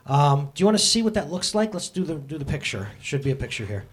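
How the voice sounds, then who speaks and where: A man's voice: fairly high pitch, very animated, fast talker, slightly rough. A man preaching a casual sermon in church, joking and addressing the congregation directly. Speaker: pastor. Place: church sanctuary.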